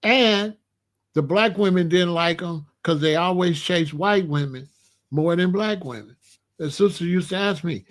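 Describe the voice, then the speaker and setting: He's a Chicago commentary host with a high voice and a measured pace. His opinionated monologue unfolds as animated, slangy street-talk storytelling.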